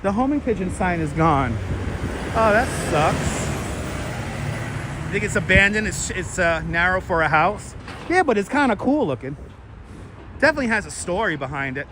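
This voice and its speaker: A man's voice: high voice, big pitch swings, moderate pace, pauses often, noisy background. A man hosting a casual walking livestream outdoors, chatting and thanking viewers for donations. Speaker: livestream host. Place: outdoors on city streets. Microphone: wireless clip-on mic, phone on gimbal.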